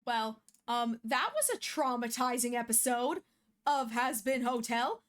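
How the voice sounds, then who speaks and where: A woman reacts to an episode in a loose, rambling way. She circles back on herself, full of fillers and restarts. Her voice sits a little high. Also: expressive, a little slow. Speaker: reaction video host. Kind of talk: casual reaction commentary.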